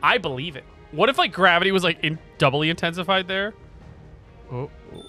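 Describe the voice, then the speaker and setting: A young man commenting on a video game as he plays, excitable and prone to loud, swearing outbursts. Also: high-pitched, brisk. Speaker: gaming streamer. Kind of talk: let's play commentary. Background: game music.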